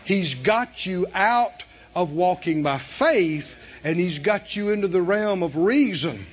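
A high-pitched man with a drawl preaches with fire, swinging from hushed asides to shouted lines. He chuckles between points. The recording is muffled and lo-fi. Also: lively intonation, slow pace, breathy edge. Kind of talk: sermon.

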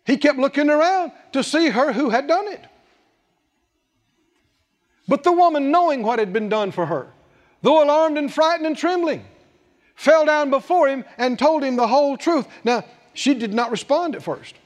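A man with a very high-pitched voice preaches a sermon, his pitch rising and falling in wide swings. He talks emphatically and keeps asking rhetorical questions. His voice rings with a long reverb, as in a large hall. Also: expressive, normal speed. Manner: emphatic, with rhetorical questions and repeated scripture phrases.

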